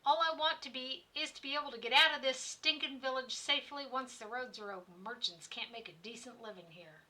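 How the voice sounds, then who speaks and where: A woman's voice: high-pitched, brisk, pushed and bright. A woman voicing a grumpy, dismissive short male merchant while reading game dialogue aloud. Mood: surly. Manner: gruff, dismissive.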